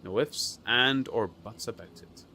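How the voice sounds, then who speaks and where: A man voicing a brash, tough woman warrior who talks rough and scornful while reading a game's story aloud. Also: medium pitch, a little slow, noisy background, natural voice. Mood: defiant. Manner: blustering, scornful, rough talk.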